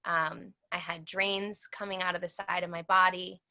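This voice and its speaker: Woman in her 30s, interview guest, bright voice, earnest, does the other people's lines as she tells it. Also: fairly low pitch, flat delivery, moderate pace. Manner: earnest, acts out the dialogue of others. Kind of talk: personal storytelling interview.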